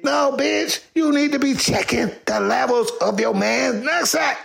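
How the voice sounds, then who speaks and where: A man, delivering a crude comedic rant, loud with sudden shouted bursts. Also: measured pace, creaky. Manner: loud, sassy, swings high and low, shouting bursts.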